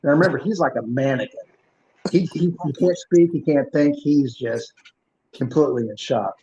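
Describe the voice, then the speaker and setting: A male podcast host and former police officer telling a story in an animated, punchy way, acting out the dialogue. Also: medium pitch, moderate pace, slight background noise. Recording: muffled lo-fi recording.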